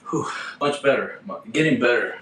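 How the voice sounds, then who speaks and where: A man chatting casually with his live-stream viewers while working out, excitable and a little out of breath. His voice sits at an ordinary middle pitch. The room is echoey, with a faint hum of background noise. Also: moderate pace, far from the mic. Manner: excitable, breathless, laughing between attempts. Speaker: fitness streamer. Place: indoor room upstairs at home.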